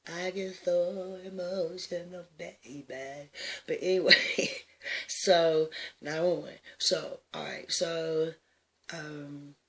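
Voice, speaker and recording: A woman, likely in her sixties, telling a personal story with emphatic swings from hushed to loud, laughing often. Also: on the low side, fairly even intonation, takes it slowly.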